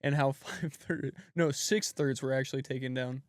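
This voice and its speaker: A podcast co-host chiming in with laid-back, wry remarks during casual banter. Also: male voice, medium pitch, fairly even intonation, moderate pace, no room sound, studio quality.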